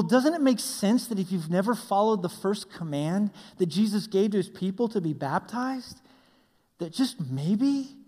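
A man preaching a sermon as a pastor. He tells stories with animation and swings between loud passages and hushed ones. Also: high-pitched. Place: church hall. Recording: long hall reverb.

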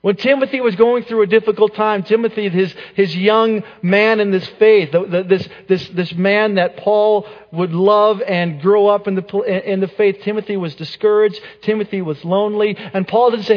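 A man preaching a sermon in an earnest way, repeating words and letting phrases trail off softly. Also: high voice, steady tone, normal speed, few pauses. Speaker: pastor. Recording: dull sound with long hall reverb.

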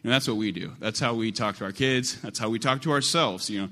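A man's voice: lowish voice, fast talker, bright, forceful tone. A man preaching a sermon in a conversational style, repeating phrases to build emphasis.

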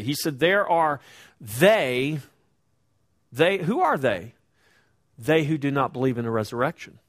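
Middle-aged guy preaching, chatty sermon style, voice a bit on the high side, drags out words he wants to stress. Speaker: pastor.

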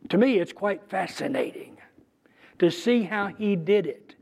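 Male preacher, high voice, talks through scripture conversationally with emphasis. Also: expressive, gravelly, a little mellow. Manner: conversational, emphatic, with pauses and restarts. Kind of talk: bible teaching.

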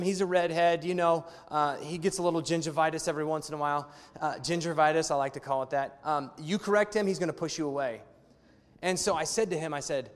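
A man in his thirties preaching a sermon as a pastor, conversational and weaving in personal family stories. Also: a little high. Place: church hall. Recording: long hall reverb.

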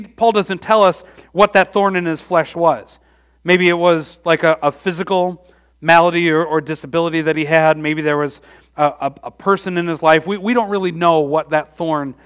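Earnest high-voiced male preacher. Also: a bit bright. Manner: earnest, repeats words and restarts often. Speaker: pastor. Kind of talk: sermon.

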